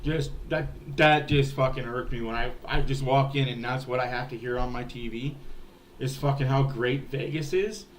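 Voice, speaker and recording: A man's voice: mid-range voice, fairly even intonation, normal speed, a little hiss or hum. A man hosting a hockey fan livestream, ranting in a heated, profane way. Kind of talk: ranting sports livestream talk.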